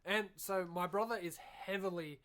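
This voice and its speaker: Young Australian man, slightly high voice, rambling, sweary storyteller. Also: moderate pace. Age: young adult. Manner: rambling, swears a lot, animated. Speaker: podcast co-host. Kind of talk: casual storytelling.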